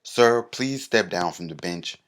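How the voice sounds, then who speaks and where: A man's voice: deep voice, lively intonation, unhurried, a bit bright. A man doing a weary park security guard.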